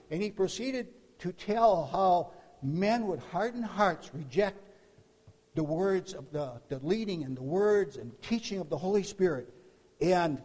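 High-voiced preacher man in a reverberant hall. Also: expressive, moderate pace, dark tone. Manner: storytelling, emphatic with repeated words. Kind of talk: sermon.

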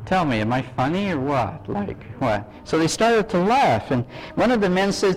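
A middle-aged man from Canada preaching with a lively, swooping voice. He tells his stories in an animated way, acts out the people in them and keeps turning to his listeners with questions. His voice sits a little higher than most men's. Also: moderate pace, a little hiss or hum, low-quality recording. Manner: animated, acts out dialogue, asks audience questions. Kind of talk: sermon storytelling.

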